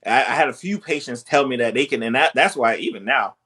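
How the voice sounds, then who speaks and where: A physician hosting an interview, speaking empathetically with frequent halting restarts. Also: male voice, medium pitch, animated, bright, forceful tone, breathy edge. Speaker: physician host. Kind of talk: conversational interview.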